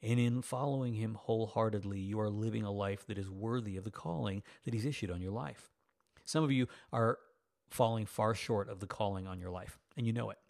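A man's voice: fairly low pitch, brisk, creaky, a little mellow. A man in his fifties, a pastor delivering a sermon, reading scripture and breaking into folksy, self-teasing asides.

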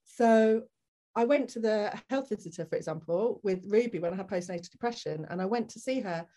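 A woman's voice: mid-range voice, brisk, dark tone. Woman telling her story animatedly. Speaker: podcast guest. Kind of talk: candid personal storytelling.

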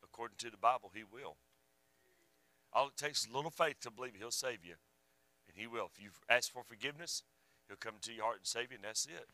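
A man preaching a sermon, fervent one moment and hushed the next, with a drawl. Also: mid-range voice, fairly quick, no room sound, poor audio. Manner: fervent, rising and falling, drops to a hush.

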